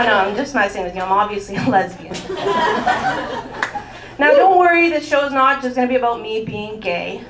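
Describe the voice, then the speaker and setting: A woman's voice: on the high side, a bit bright, a little hiss or hum. A woman from Mexico performing a stand-up comedy set on a club stage, chatty and teasing the crowd. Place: comedy club stage before a live audience. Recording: echoey club with crowd laughter.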